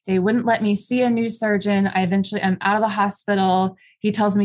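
A young adult woman candidly telling her personal story as an interview guest, halting with many fillers. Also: medium pitch, steady tone, a little mellow.

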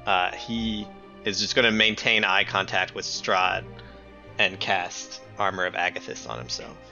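Slow, very bright man narrating his character. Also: sits low, creaky, highs cut off, faint music behind. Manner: slow, searching, lots of "like". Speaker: player. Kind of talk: descriptive tabletop game narration.

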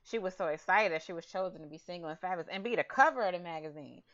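A woman's voice: lowish voice, rapid-fire. A woman co-hosting a casual chat, recapping a TV episode and acting out the characters' lines with slang. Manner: animated storyteller, acts out quotes with slang. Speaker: podcast co-host. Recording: slightly dull lo-fi audio.

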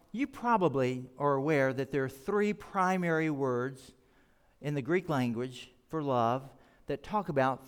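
A man preaching a sermon as pastor, explaining scripture earnestly and leaning hard on key words. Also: mid-range voice. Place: church sanctuary. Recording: reverberant church hall.

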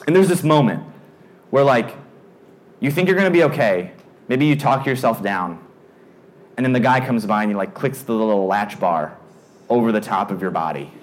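A young man preaching to a youth group, telling a story in a lively way and acting out his own panic in character voices. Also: fairly low pitch, normal speed, pauses often. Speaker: youth pastor. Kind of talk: storytelling sermon.

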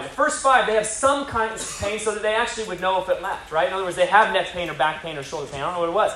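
A man preaching a sermon, telling stories with lively acted quotes. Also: high-pitched, fast, hardly any pauses, a little hiss or hum. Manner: energetic storytelling with acted quotes. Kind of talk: sermon storytelling. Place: large hall with audience. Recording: roomy hall from a distance, crowd.

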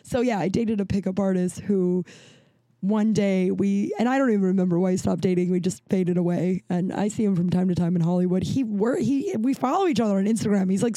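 Warm and medium-pitched, this woman in her forties hosts a podcast and shares stories in a relaxed, chatty manner. "Like" pops up constantly, and the sound carries no echo.

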